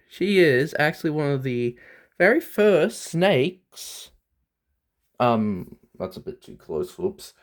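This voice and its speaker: A young Australian man showing his pet snake in a casual vlog, chatty and rambling, talking to his pets. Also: medium pitch. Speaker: pet vlogger.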